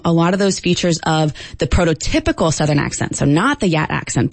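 A woman linguistics professor answering radio interview questions, explaining at a measured pace with frequent ums. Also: sits low, no echo.

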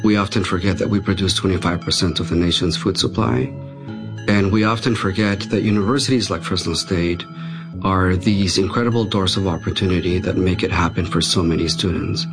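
Deep-voiced man, earnest interviewee. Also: a little fast, music in the background.

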